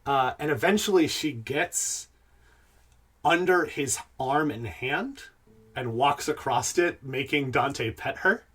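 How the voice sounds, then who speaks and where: A man's voice: mid-range voice, animated, takes it slowly, a bit bright, breathy edge. A man running a tabletop game as game master, narrating in a loose, hesitant way with fillers.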